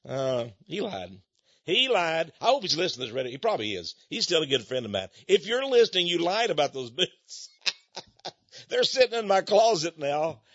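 A man's voice: on the high side, very animated, normal speed, a bit bright, muffled recording. An older man from Texas, hosting a radio talk program in a folksy, rambling way that builds to angry emphasis. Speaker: radio host.

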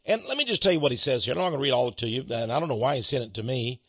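A man's voice: medium pitch, animated, very fast, fairly bright tone, slightly rough, dry recording. A male pastor giving a folksy, storytelling sermon on a dull, lo-fi recording. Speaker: pastor and ministry head. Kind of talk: radio sermon monologue.

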